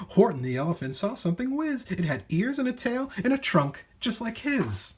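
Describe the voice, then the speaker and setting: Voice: mid-range voice, big pitch swings, normal speed, hardly any pauses, husky. A storyteller reading a rhyming children's picture book aloud in a sing-song manner.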